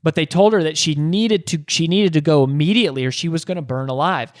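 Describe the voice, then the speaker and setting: Man, podcast host, motivational storytelling, earnest, slightly high voice, dry close sound. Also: fast talker, no echo. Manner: earnest, many restarts and rhetorical questions.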